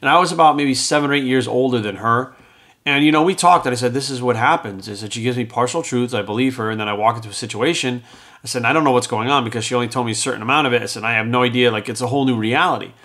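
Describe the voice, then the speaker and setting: Speaking very fast, a middle-aged man with a medium-pitched, somewhat bright voice spins a rambling personal anecdote. He's a fitness coach and podcast host, and he performs the dialogue of the people in his story as he goes.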